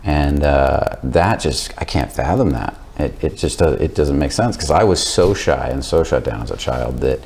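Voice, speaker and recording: A man's voice: extremely low pitch, lively intonation, moderate pace, few pauses, a little mellow. A man hosting a casual interview, laid-back and asking open questions. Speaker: podcast host.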